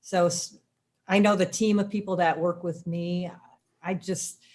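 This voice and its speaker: A woman's voice: lowish voice, steady tone, measured pace, a little mellow. Emphatic middle-aged woman giving advice. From Chicago. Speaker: dog daycare owner, panelist. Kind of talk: panel discussion.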